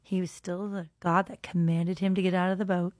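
A woman's voice: lowish voice, little pitch movement, fairly quick, no echo. A woman hosting a faith podcast, reading scripture and musing in an earnest way, at times dropping into a whisper. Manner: earnest, musing aloud, shifts into soft whispers. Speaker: podcast host.

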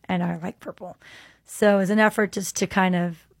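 Woman, podcast host, gravelly voice, dry close sound, earnest heartfelt testimony. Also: lowish voice, steady tone, normal speed, no room sound. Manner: earnest, heartfelt storytelling with many "um"s. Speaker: podcast host and jail minister. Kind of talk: personal faith testimony.

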